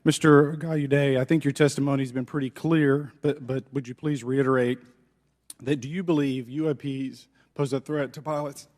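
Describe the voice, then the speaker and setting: A man's voice: medium pitch, steady tone, normal speed, darkish tone, big-room sound. A man, a congressman, questioning witnesses in a formal hearing, earnest and repeating words as he starts sentences. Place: large congressional hearing room.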